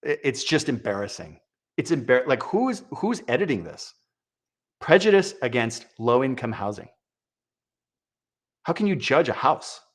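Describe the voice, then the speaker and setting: A man's voice: medium pitch, big pitch swings, normal speed, long pauses. A man giving sarcastic, exasperated political commentary, mocking what he reads aloud. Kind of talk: opinion commentary.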